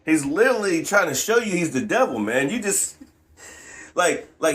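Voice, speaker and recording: A man's voice: a little high, sing-song, normal speed, a bit bright. A man reading scripture aloud and commenting on it with rising fervor, laughing often and ending lines with "man". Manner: preachy, laughs often, repeats "man" at line ends.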